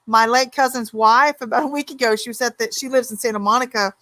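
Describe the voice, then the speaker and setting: A woman hosting a talk show, chatty and animated, agreeing often and telling stories. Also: a little high, quick pace. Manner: chatty, animated storyteller, many yeahs. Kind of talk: casual interview talk.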